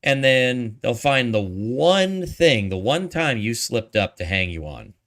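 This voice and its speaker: A man's voice: mid-range voice, big pitch swings, measured pace, a bit bright. A man who is a guest on a podcast, chatting over a video call and airing emphatic, exasperated opinions. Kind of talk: casual chat.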